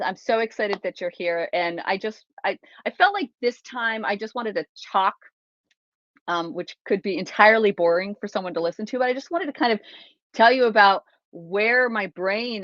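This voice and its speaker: Woman streamer, low voice, dry dull lo-fi sound, chatty rambling storyteller. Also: no room sound. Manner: rambling, animated, lots of restarts and acted-out quotes. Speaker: livestream host. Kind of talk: casual storytelling to a live chat.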